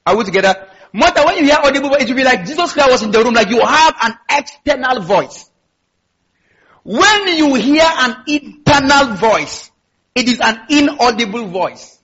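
High, bright-voiced preaching man. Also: lively intonation, moderate pace, slightly rough, lo-fi sound. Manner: emphatic preaching with call-and-response asides. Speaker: pastor. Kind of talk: sermon.

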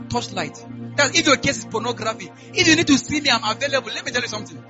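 A man's voice: extremely high pitch, lively intonation, quick pace, lo-fi sound, music in the background. A man preaching a church sermon as pastor, giving announcements and leading prayer, often asking the congregation whether they are together. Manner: call-and-response, asks "are we together?"; rising to loud fervent prayer.

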